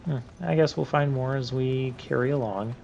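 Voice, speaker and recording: A man's voice: medium pitch, moderate pace, gravelly, darkish tone. Guy rambling over a game he's playing, joking around, bit dull audio, faint hiss. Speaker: let's play host. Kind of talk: recorded gameplay commentary.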